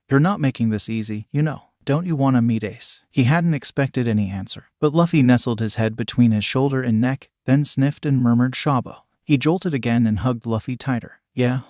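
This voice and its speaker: Male storyteller, medium pitch, steady narration, dry close mic, no room sound. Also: no room sound. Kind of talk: fan fiction read-aloud.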